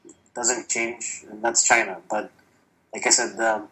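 Casual podcast guest, male, bright edge, blunt and profane. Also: lowish voice, measured pace, poor audio. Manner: candid, profane, animated storytelling. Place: lives in China, recorded remotely or in a room.

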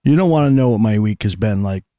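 A man's voice: lowish voice, animated, quick pace, mellow, dry recording. A man co-hosting a podcast in casual chat, rambling and hesitant, often restarting his sentences. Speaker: podcast co-host.

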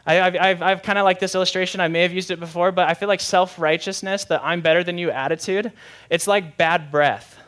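A man's voice: high voice, fairly even intonation, fairly quick, fairly bright tone. A young adult man, a pastor preaching a sermon in a conversational, candid way with self-deprecating humor.

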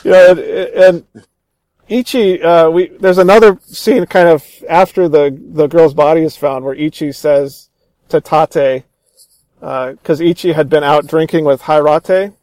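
A man's voice: on the high side, steady tone, measured pace, a little mellow, dry recording. A man chatting casually about a film he loves, eagerly retelling scenes, with many restarts. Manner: enthusiastic retelling, acts out quoted lines; frequent restarts and fillers.

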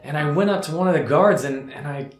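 A man acting as a guilt-ridden fisherman who stammers and halts as he tells his story. The voice rings in a roomy space, with a plucked guitar playing loudly underneath. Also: on the high side, lightly acted. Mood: urgent. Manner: halting, stammering, emotional first-person monologue. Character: remorseful fisherman disciple recalling his denial, adult man. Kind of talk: dramatic monologue over guitar. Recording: roomy sound with loud guitar music.

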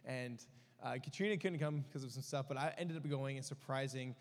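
A young man shares a personal story as part of a sermon, talking openly in a middle-pitched voice. He rambles and restarts, with many fillers. The sound rings with the long reverb of a church hall. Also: brisk. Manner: candid, rambling, full of fillers. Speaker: preacher.

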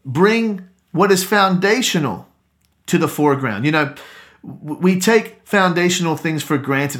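A man's voice: fairly high pitch, animated, measured pace, fairly bright tone. A man preaching a sermon as pastor, earnest and exhorting, repeating key phrases for emphasis.

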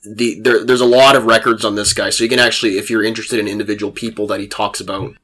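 A male podcast host telling a war story in casual chat, animated and laughing, with frequent restarts. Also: lowish voice, quick pace.

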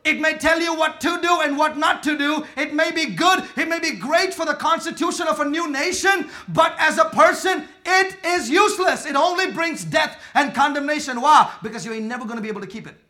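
A man preaching a sermon emphatically, using call and response, swinging between quiet talk and shouting. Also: very high voice, fairly quick, few pauses. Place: church with congregation.

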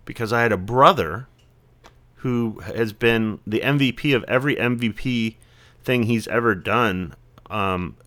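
A man's voice: mid-range voice, a bit bright. A man in his forties, a podcast guest talking casually and reflectively, rambling with lots of "you know" fillers. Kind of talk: casual conversation.

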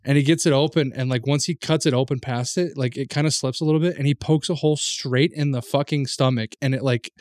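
A man's voice: mid-range voice, fairly even intonation, quick pace, few pauses, a little mellow, dry recording, studio quality. A man co-hosting a podcast, recounting a story with lots of fillers and restarts. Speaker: podcast co-host. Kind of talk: casual chat.

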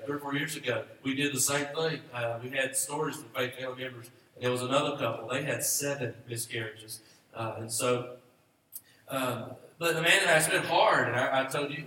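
Pastor guy preaching, bright forceful voice, big echoey church, kinda far from the mic. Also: medium pitch, a little hiss or hum. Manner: earnest, rising to emphatic calls. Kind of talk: sermon. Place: church sanctuary.

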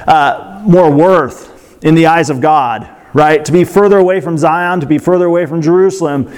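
A man's voice: a little high, a little mellow. A man preaching a sermon in a conversational way, breaking off into asides and fillers. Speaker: pastor.

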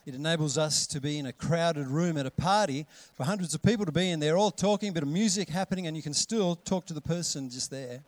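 Animated man preaching a sermon. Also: a little high, fast, few pauses, dry recording. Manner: animated, acts out voices with big loud calls. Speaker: pastor.

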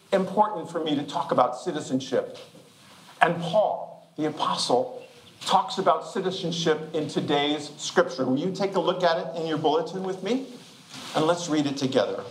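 An older man delivers a relaxed, joking sermon and laughs easily between phrases. His voice sits high. The church around him rings with echo, and a steady hum of noise runs underneath. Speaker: guest preacher. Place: church sanctuary. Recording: echoey room with background noise.

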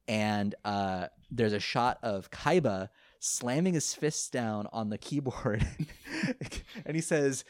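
A low-voiced man co-hosting a podcast retells an anime's plot in casual chat, rambling with animation, laughing, and quoting lines. The recording is dry and studio-clean.

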